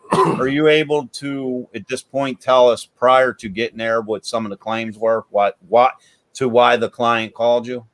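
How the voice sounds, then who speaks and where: A man's voice: medium pitch, fairly even intonation, measured pace, fairly bright tone, no echo. A man hosting a paranormal podcast, talking casually and restarting his sentences often. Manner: chatty, repeats words when starting sentences. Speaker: podcast host. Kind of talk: casual chat.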